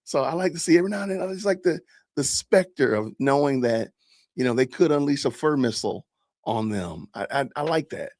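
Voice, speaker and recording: A man's voice: a little high, expressive, a little fast, darkish tone, dry recording, clean studio sound. A middle-aged man hosting a live stream, chatting animatedly and laughing often as he reacts to videos. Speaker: podcast host. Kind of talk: live-stream commentary on body cam videos.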